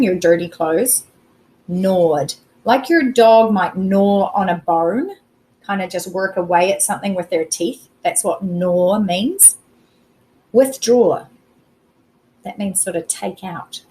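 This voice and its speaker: A woman's voice: fairly low pitch, darkish tone, a little hiss or hum, rough recording. A woman teacher recording a spelling lesson, explaining each word patiently with simple examples. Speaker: primary school teacher.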